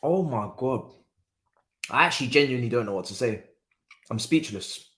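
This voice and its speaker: A man's voice: medium pitch, expressive, moderate pace, sharp tone, reverberant. A young man, hosting a live football watchalong, exclaiming and swearing as he reacts.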